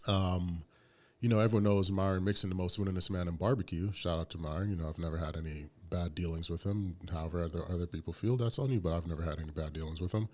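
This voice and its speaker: A man's voice: low voice, darkish tone. A man co-hosting a podcast, talking casually and emphatically with many fillers. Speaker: podcast co-host.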